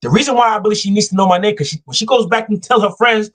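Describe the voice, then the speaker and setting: A man's voice: high-pitched, very fast, few pauses. A man hosting a live talk show, giving casual dating advice and acting out quoted voices as he tells stories. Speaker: show host.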